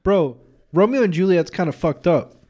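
Sidekick-type guy in casual chat who jumps in with short reactions; a man with a high voice that rises and falls a lot. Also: expressive, warm tone. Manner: chiming in with quick reactions and laughs.

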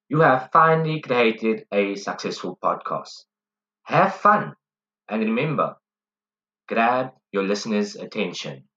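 A man's voice: on the low side, pushed and bright. A young man with a South African accent, a student formally reading a prepared class podcast script. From Cape Town, South Africa. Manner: formal, instructive. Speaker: student presenter. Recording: dull lo-fi recording.

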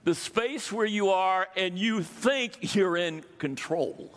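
Older male pastor, fairly high voice, chatty sermon delivery, long hall reverb. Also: slow pace, a bit bright. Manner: conversational, asks the congregation questions.

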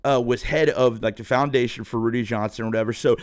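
A man's voice: medium pitch, steady tone, fast. A man in his thirties, a podcast host, telling a rambling, profane story in a laid-back way. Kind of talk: casual storytelling monologue.

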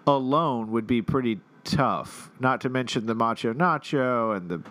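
A man co-hosting a casual chat, reading a restaurant menu out loud with plenty of laughter and some swearing. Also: mid-range voice, measured pace. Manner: laughing, playful, swears freely. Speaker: podcast co-host.

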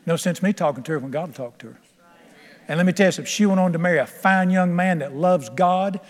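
An older man preaching from the pulpit speaks at a quick pace in a high, bright-toned voice. This pastor's sermon is folksy and emphatic, he laughs along with his own stories, and the sound rings with long sanctuary reverb.

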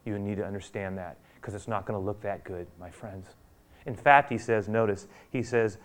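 A man preaching a sermon, acting out scripture quotes and swinging from loud urgent peaks down to a hushed near-whisper. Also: on the low side, steady tone, moderate pace. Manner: acts out quotes of biblical figures. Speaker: pastor.

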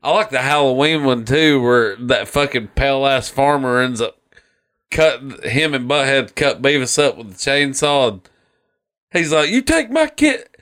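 A man in casual podcast chat, swearing freely and animatedly retelling cartoon scenes, slipping into quick put-on voices. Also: mid-range voice, fairly bright tone. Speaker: podcast co-host.

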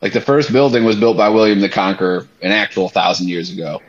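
A young man with a fairly low voice tells a long story on a casual podcast. He is animated, swears freely and fills his talk with "like". The audio sounds a little muffled. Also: fast talker. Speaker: podcast co-host.

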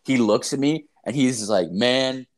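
A man's voice: medium pitch, normal speed. A man telling a story in casual chat, rambling and profane, full of "like" and "dude", acting out the lines he quotes. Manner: animated, acts out quoted lines.

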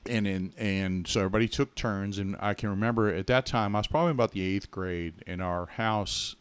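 A man's voice: lowish voice, brisk, clear, resonant tone, no echo. A middle-aged man from Massachusetts, telling his childhood story in a rambling, chatty podcast interview. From Massachusetts, USA. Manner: chatty, rambling, self-correcting with many asides. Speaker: podcast co-host being interviewed.

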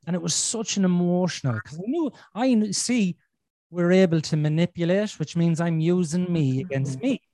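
A man talks bluntly and swears freely, slipping into the voices in his own head. His voice sits a little high for a man. The sound is dry and close, with no room around it. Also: lively intonation, normal speed, dark tone, no echo. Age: 40s. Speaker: podcast host. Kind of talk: casual conversation.

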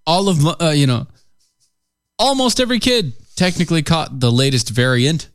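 A man's voice: fairly high pitch, big pitch swings, normal speed, smooth, no room sound, studio quality. A man co-hosting a casual political podcast, emphatic and incredulous as he reads news items aloud. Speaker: podcast co-host.

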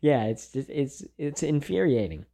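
A young man co-hosting a casual chat podcast, laughing often and telling stories with lively voices. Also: mid-range voice, normal speed, gravelly, very noisy. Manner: laughs often, animated storytelling. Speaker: podcast co-host.

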